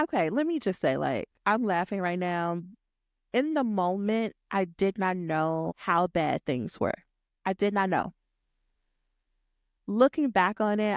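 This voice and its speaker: A woman, hosting a podcast and telling a personal story in a lively, chatty way, acting out what others said. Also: medium pitch, smooth, no echo, clean studio sound. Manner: animated, talks to listeners as y'all, acts out quotes. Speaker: podcast host. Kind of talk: storytelling monologue.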